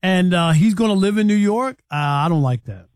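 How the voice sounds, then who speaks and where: A male sports talk co-host with a notably high voice, giving blunt, opinionated takes in a dry, close-miked sound. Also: animated, fairly quick, dry recording.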